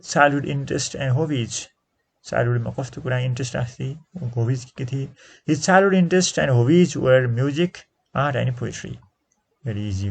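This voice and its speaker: A man with a Nepali accent teaching an exam-prep English lesson, explaining slowly and repeating each answer, sometimes switching into Nepali. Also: medium pitch, gravelly, husky.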